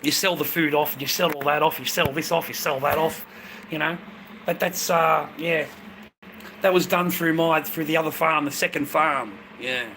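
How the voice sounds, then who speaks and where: Give me an Australian man with a fairly high voice, rambling in casual profane chat to his viewers. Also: fairly even intonation, moderate pace, background noise. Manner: profane, rambling, loud bursts.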